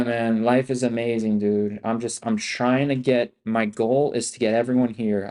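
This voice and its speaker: A man's voice: medium pitch, darkish tone. A man hosting a livestream as an options trader, talking in a hyped, profane, slangy way and repeating himself a lot. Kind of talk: casual livestream talk.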